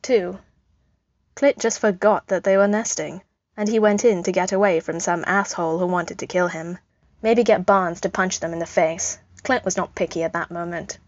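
A woman's voice: lowish voice, steady tone, normal speed, no room sound. A woman reading a story aloud as narrator, with a dry, wry storytelling manner, in a dull lo-fi recording. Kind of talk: audiobook reading of fan fiction.

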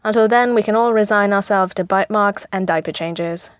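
A woman's voice: medium pitch, moderate pace, dry recording, lightly acted. A brash, wisecracking inventor who grumbles and teases, as a woman narrator puts him on. His lines come through slightly muffled, with no room sound at all. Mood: sarcastic. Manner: sarcastic, complaining.

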